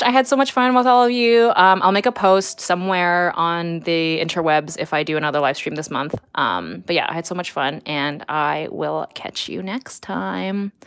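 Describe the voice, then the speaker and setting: A woman's voice: mid-range voice, fairly bright tone, clear, resonant tone. A young woman chatting casually on a home art livestream, rambling with lots of fillers and small laughs. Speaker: artist streaming live.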